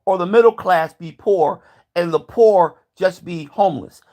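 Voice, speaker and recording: A man's voice: high voice, a little slow, darkish tone. A man vlogging a heated, profane rant, repeating himself as he builds his point. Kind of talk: ranting commentary.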